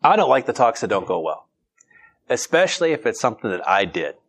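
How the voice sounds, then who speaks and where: A man's voice: mid-range voice, very animated, a little fast, fairly bright tone. A middle-aged man preaching a sermon in a conversational, humorous way. He reads scripture aloud and then explains it.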